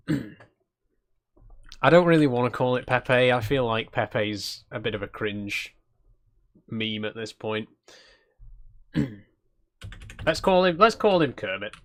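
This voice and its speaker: A man's voice: medium pitch, lively intonation, slow, long pauses, fairly bright tone. A man hosting a cozy game livestream in a casual, chatty way, laughing as he reads out chat suggestions and trailing off into self-deprecating asides. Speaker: streamer host.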